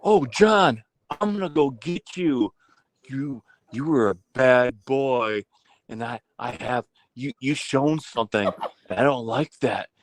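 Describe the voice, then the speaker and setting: A man's voice: medium pitch, animated, slow, no room sound, voice pushed down, rough recording. A man playing a jealous online rival who whines out sulky threats, without attempting an accent. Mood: whiny menace. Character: jealous small-time male online rival making threats.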